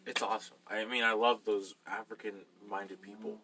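A man co-hosting a podcast, chatting casually and joking, telling stories in an animated way with restarts. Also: fairly low pitch, moderate pace, a little hiss or hum. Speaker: podcast co-host. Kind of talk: casual chat.

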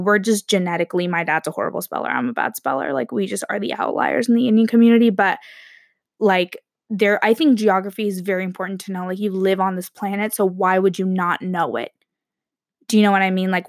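A young woman in her early twenties, chatting casually and rambling, with lots of "like" and quick self-interruptions. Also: mid-range voice, no echo, studio quality. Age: young adult. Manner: rambling, chatty, heavy use of "like", frequent laughs and self-interruptions. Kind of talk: casual monologue to camera.

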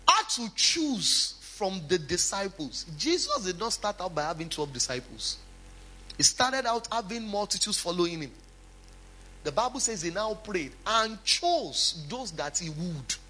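Male pastor, sermon. High, husky-edged voice that swings widely in pitch; emphatic, conversational preaching. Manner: preaching with lively emphatic swings, chatty asides.

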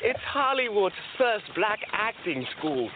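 A bright, singsong commercial announcer with a high voice that leaps around. It comes through a tinny phone line with steady hiss. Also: male voice, unhurried. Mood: peppy. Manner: upbeat sales pitch. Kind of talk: comedy film sketch.

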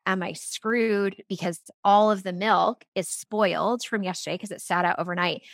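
Brief: middle-aged woman, chatty storyteller, mid pitch, very dry close recording. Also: fairly even intonation, normal speed, gravelly, no echo. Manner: chatty storytelling with laughs and restarts. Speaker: guest, product founder. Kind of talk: casual interview chat.

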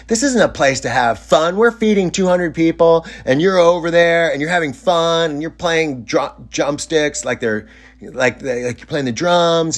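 A man voicing a small, wiry male cook who is furious, cursing and shouting through gritted teeth. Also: sits high, vocal fry, husky, pitched above the performer's own voice, heavily acted.

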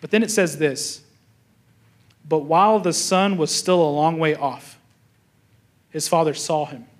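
Unhurried, with a voice on the high side, a young adult pastor delivers a sermon through casual stories. He acts out what the characters think and restarts often.

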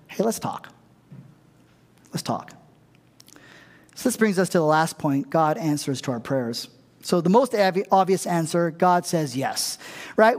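High-voiced male pastor, chatty sermon. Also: long reverb tail. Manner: casual and humorous, often asks the crowd "right?". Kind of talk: conversational sermon.

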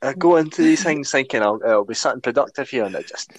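A man's voice: medium pitch, lively intonation, quick pace. A man co-hosting a casual football podcast, wry and self-mocking, with the odd swear. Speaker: podcast co-host.

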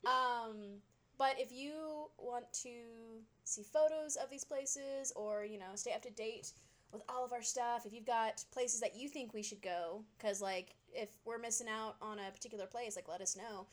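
A woman's voice: fairly high pitch, unhurried. A young adult woman co-hosting a podcast, talking casually with lots of fillers and laughter. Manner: chatty, laughs often, many fillers. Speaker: podcast co-host. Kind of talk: casual chat.

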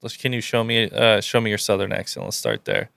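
A man's voice: fairly low pitch, sing-song, fairly quick, creaky, a bit bright, dry recording. A man co-hosting a podcast in casual chat, laid-back and teasing. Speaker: podcast co-host.

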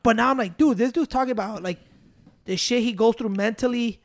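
A man's voice: very high voice, a little fast. A man co-hosting a podcast in casual banter, swearing freely, dropping Spanish slang and laughing between lines. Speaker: podcast co-host.

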